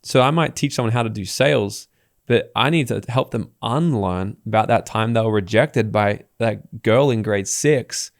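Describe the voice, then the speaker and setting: An Australian man guesting on a podcast, telling stories in a casual, animated way and acting out the people he quotes. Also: lowish voice, moderate pace, vocal fry, dry recording, studio quality. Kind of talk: casual interview talk.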